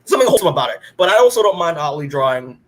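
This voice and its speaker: Male podcast co-host, slightly higher voice, casual rambling recap full of "like", acts out dialogue. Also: sing-song, racing. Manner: rambling, acts out characters' lines, many "like"s. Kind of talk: casual comic book recap.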